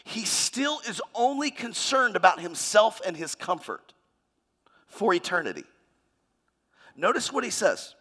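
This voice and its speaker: A man preaching a sermon, expressive and dramatic, acting out the voices he quotes with sudden swings in pitch and loudness. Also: a little slow, long pauses, breathy edge. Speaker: pastor.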